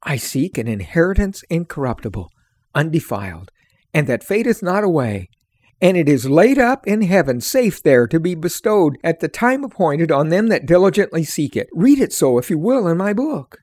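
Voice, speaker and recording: A man's voice: a little high, sing-song, normal speed, a little mellow, dry recording. A man reading aloud, voicing an anguished male pilgrim who pleads in old-fashioned speech. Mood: pleading. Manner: earnest, pleading, archaic speech.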